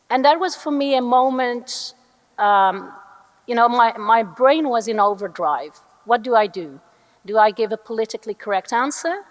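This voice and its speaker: A middle-aged woman from the Netherlands, an employment lawyer telling a personal story on a conference panel, earnest and reflective with thoughtful pauses. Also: fairly high pitch, lively intonation. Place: large conference hall. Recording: echoey conference hall.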